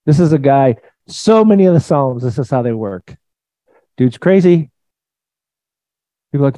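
A man preaching a sermon in a conversational, emphatic way, swinging between loud and soft. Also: mid-range voice, lively intonation, moderate pace, pauses often, dry recording. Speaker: pastor.

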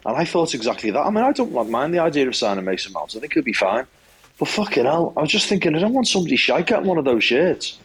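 A man talks football in a husky voice. He is emphatic and swears freely. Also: on the high side, very animated, quick pace, rough recording. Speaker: podcast guest. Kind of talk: casual football chat.

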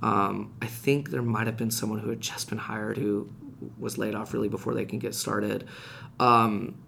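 A man telling a personal story in casual podcast chat, animated and rising in pitch when reliving heated moments. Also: moderate pace, vocal fry, a little hiss or hum. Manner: frequent restarts and fillers, conversational. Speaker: podcast guest.

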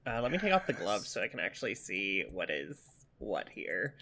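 A man co-hosting a casual podcast, describing things in detail with frequent ums and pauses. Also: on the low side, huge pitch swings, sharp tone, a little hiss or hum. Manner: descriptive, hesitant with many ums. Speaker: podcast co-host.

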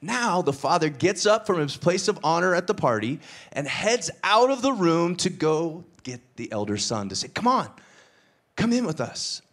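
Man, pastor, sermon, fairly high voice, animated storytelling, acts out voices. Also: normal speed. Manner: animated storytelling, acts out dialogue with shifting pitch.

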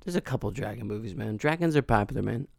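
A man's voice: on the low side, animated, fast talker, creaky, a little mellow, no room sound, clean studio sound. A man hosting a podcast in casual chat, rambling and searching for his words. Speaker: podcast host. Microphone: studio mic.

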